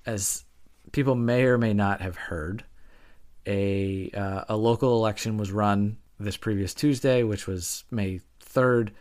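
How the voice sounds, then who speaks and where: A man's voice: on the low side, fairly even intonation, a little slow, a little mellow. A young man co-hosting a podcast in casual chat, explaining at length while hedging and correcting himself. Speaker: podcast co-host.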